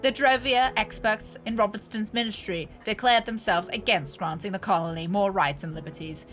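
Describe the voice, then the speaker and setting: A woman voicing a formal female TV news anchor in a game, reading a news segment in a measured newsreader manner. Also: medium pitch, fairly even intonation, a bit bright, faint music behind, natural voice.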